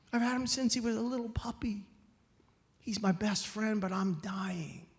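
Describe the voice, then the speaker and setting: A man voicing a humble, dying man in his eighties who speaks gently and haltingly in an echoey hall. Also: sits high. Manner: gentle, halting, ending in a whisper.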